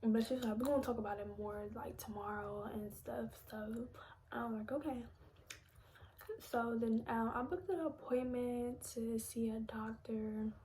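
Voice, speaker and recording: A woman's voice: on the high side, fairly even intonation, measured pace, mellow, slight background noise. A young woman telling a personal story to her viewers, often half-whispering and holding back tears. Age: young adult. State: close to crying. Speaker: vlogger.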